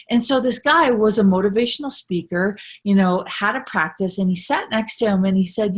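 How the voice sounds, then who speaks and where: A woman's voice: medium pitch, normal speed, few pauses. A middle-aged woman life coach giving a casual, earnest motivational talk, repeating phrases for emphasis and tagging lines with "right?". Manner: earnest, emphatic, repetitive, with frequent "right?" tags.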